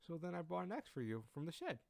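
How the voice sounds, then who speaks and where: A man voicing a sweet, timid teenage girl who talks in a soft, apologetic lilt. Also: a little high, sing-song, fast, gravelly, no room sound, pitched above the performer's own voice.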